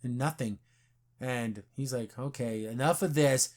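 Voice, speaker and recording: A man's voice: medium pitch, unhurried, a little mellow. A man hosting a podcast, casually recapping a TV episode and acting out the characters' lines as he goes. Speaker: podcast host. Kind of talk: casual show review chat.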